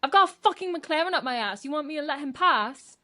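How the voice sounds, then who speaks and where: A woman doing an impression of an angry male racing driver, shouting a profane rant over team radio. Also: high-pitched, lively intonation, pitched above the performer's own voice. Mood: furious. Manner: shouty, profane, rapid ranting.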